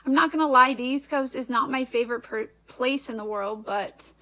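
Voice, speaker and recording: A woman's voice: high-pitched, normal speed, a bit bright, low-quality recording. Giggly young woman with a Midwestern accent. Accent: Upper Midwest American. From Wisconsin, USA. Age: young adult. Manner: rambling, laughs often, self-correcting. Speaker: vlogger. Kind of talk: casual advice vlog.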